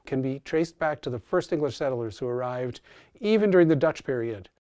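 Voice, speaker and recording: A man's voice: medium pitch, lively intonation, a little fast, mellow, no room sound, studio quality. A man with a New York accent, a linguistics professor explaining in an interview. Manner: explanatory, lecturing.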